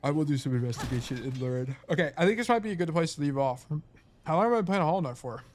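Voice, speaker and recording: A man chats loosely while he plays, thinking aloud and trailing off mid-thought. His voice sits a little higher than most men's. A faint hiss lies under the recording. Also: animated, racing. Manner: rambling, thinking aloud, lots of "like". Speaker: streamer and game coach. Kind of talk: casual livestream talk while playing.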